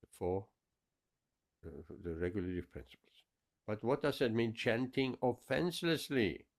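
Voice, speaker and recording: A man's voice: mid-range voice, expressive, moderate pace. A man giving a scripture class, explaining verses with emphatic repetition. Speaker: spiritual teacher.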